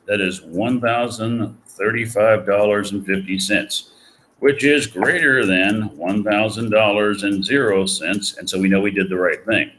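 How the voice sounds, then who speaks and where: A man's voice: lowish voice, a little slow, a bit bright, rough recording. A man giving a recorded economics lecture, folksy and jokey, asking the class questions as he works through problems. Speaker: economics professor.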